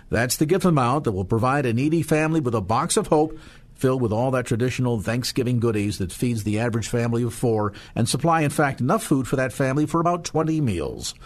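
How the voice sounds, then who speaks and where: Fast-talking man hosting a radio appeal. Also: medium pitch, darkish tone. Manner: fast-talking, repeats phone numbers slowly. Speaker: radio fundraiser host.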